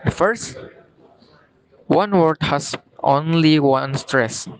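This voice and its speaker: Slow, careful young man with an Indonesian accent. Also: fairly high pitch, clear, resonant tone, rough recording. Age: young adult. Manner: slow, careful reading with pauses between phrases. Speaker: student. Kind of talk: recorded class presentation.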